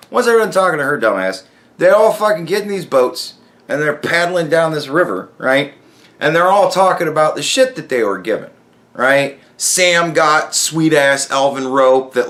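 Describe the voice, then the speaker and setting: A man hosting his own podcast, ranting in a loose, profane monologue full of swearing. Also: on the high side. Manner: animated, swearing constantly. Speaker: podcast host.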